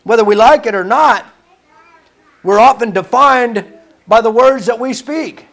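A man's voice: very high-pitched, a little slow, fairly bright tone. A man preaching a sermon in an earnest, conversational way, stumbling and restarting now and then.

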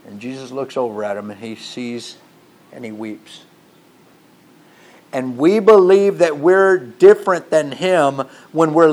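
Reading scripture aloud as he preaches, a man keeps returning to rhetorical questions. His voice sits a little high and alternates between forceful, loud passages and hushed ones.

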